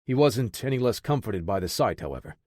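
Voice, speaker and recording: A man's voice: fairly low pitch, lively intonation, brisk, darkish tone, no room sound, clean studio sound. Man narrating a military thriller. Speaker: audiobook narrator. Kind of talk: scripted audiobook narration.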